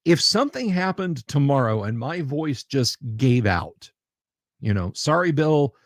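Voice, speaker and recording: A man hosting a casual livestream chat, talking in a halting way with lots of pauses and restarts, and often repeating himself for emphasis. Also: mid-range voice, very animated, dry recording, clean studio sound. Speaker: livestream host.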